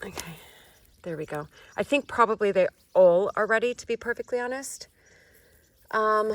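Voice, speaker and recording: An American woman chatting casually to viewers in a vlog, excitable as she shows her kitchen garden. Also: medium pitch, moderate pace, faint music behind. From United States. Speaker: vlogger.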